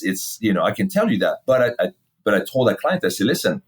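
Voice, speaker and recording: A middle-aged man, a fitness company founder, telling his story in a casual interview, animated, swearing freely and acting out old conversations. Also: on the low side, a little fast, husky. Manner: animated, swears freely, acts out past dialogue.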